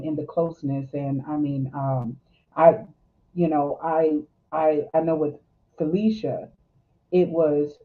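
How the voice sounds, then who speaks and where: A woman guest speaking reflectively, with lots of fillers and restarts, heard over a phone-like line. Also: medium pitch. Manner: hesitant, many fillers and restarts. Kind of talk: reflective conversation.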